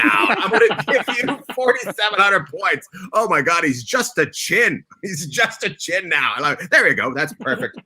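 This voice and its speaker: A man's voice: high-pitched, sing-song, normal speed, hardly any pauses, sharp tone. A male host teasing his guests and swearing freely in a casual comedic chat over a video call.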